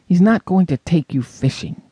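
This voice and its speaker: A man voicing a bossy older sister, a young girl, with a sharp, dismissive way of talking. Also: sits high, animated, moderate pace, breathy edge, no echo, voice pushed up, heavily acted. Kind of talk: audiobook character voice.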